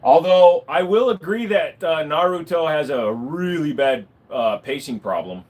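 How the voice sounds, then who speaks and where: Man, livestreamer, casual chat, lively up-and-down pitch, swears a lot. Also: a little slow. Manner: animated, swearing, rambling with fillers. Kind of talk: casual live-stream chat.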